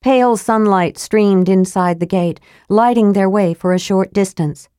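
A woman reading a fantasy story aloud as narrator, dropping her voice low for the male characters. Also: unhurried, mellow, smooth, dry recording, clean studio sound. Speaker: audiobook narrator.

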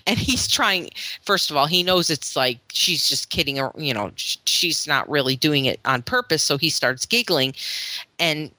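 Low-voiced, bright-toned rambling woman. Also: expressive, normal speed, dry recording. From Florida. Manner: rambling storytelling, acts out quoted voices. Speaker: podcast co-host. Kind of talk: casual chat.

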